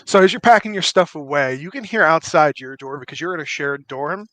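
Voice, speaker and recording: A man's voice: fairly high pitch, animated, fairly quick, fairly bright tone, no echo. A man narrating a tabletop game as dungeon master, playful and chatty. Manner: playful, chatty, full of fillers like 'like'.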